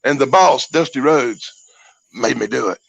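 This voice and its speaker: A man's voice: medium pitch, unhurried, gravelly, no echo, low-quality recording. A man telling stories in casual, profane chat, acting out the people in them. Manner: profane, animated storyteller who acts out the people in his stories. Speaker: guest storyteller.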